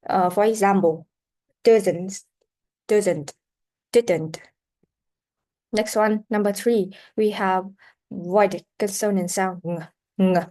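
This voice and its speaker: A woman leads a pronunciation lesson at a middle pitch, halting on fillers as she explains each sound. She repeats sounds and words slowly so students can copy them. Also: fairly even intonation, warm tone. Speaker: pronunciation teacher.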